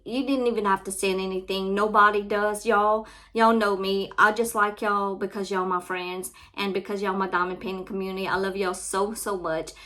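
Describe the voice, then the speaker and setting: A woman's voice: medium pitch, fairly bright tone. Woman, crafting-channel host, heartfelt and on the edge of tears, casual vlog delivery. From Louisiana. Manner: heartfelt, repeats her thanks, says y'all constantly. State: close to tears.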